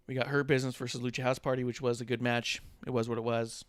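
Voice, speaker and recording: A man co-hosting a casual wrestling podcast, animated and profane, joking and acting out quotes. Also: medium pitch, fast talker, no room sound. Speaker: podcast co-host.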